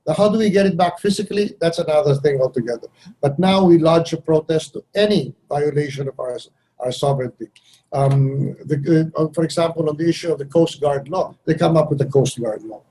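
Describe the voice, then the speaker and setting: A man's voice: on the high side, brisk, dark tone, slightly rough, low-quality recording. An older man from the Philippines giving blunt, wry interview answers as a foreign minister, sometimes acting out the voices of others. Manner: blunt, wry, acts out others' lines with shifts in voice.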